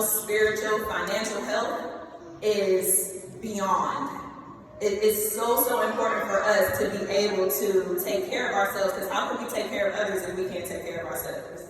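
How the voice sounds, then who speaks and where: A woman's voice: medium pitch, noisy background. Echoey woman giving a commencement speech. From Ohio, US. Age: late 20s. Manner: lively, addresses the students directly with "y'all" and "okay?". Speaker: commencement speaker. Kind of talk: motivational speech. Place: large hall. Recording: echoey hall, heard from a distance.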